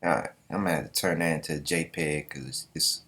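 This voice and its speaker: A man's voice: extremely low pitch, fairly even intonation, fairly quick, a bit bright. A man casually reacting to a comic chapter, joking and swearing as he reads panels aloud. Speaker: manga reaction host.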